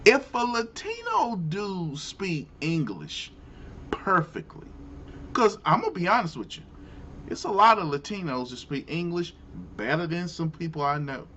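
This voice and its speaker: A man's voice: high-pitched, sing-song, measured pace, bright, forceful tone, dull audio, slight background noise. A man hosting his own show, ranting in casual commentary with incredulous, exclamatory outbursts. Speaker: show host.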